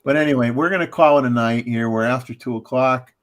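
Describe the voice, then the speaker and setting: A man with a medium-pitched voice hosts a casual livestream chat at a brisk pace. He rambles, filling his speech with fillers and restarts, and chuckles often.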